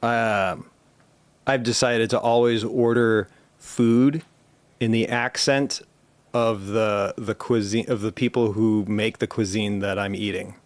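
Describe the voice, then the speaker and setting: Man pitching jokes, dry close sound. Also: takes it slowly, no room sound. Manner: pitches joke ideas and tells stories in a relaxed way. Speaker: podcast host. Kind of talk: casual chat.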